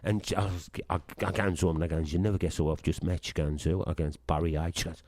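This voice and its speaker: A man's voice: sits low, level tone, quick pace, darkish tone, dry recording. A middle-aged man with a Sunderland accent, a punk singer chatting in an interview and telling anecdotes with swearing and acted-out dialogue. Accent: Sunderland English. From Sunderland, England. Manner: chatty and swearing, acts out dialogue in his tales. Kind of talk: casual anecdotal storytelling.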